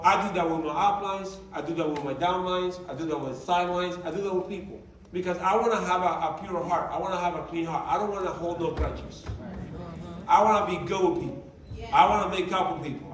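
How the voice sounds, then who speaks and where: His voice high and his pace brisk, a motivational speaker tells a group stories and animatedly acts out what people said. The talk takes place in a large meeting room, recorded through a distant mic in an echoey hall with slight background noise.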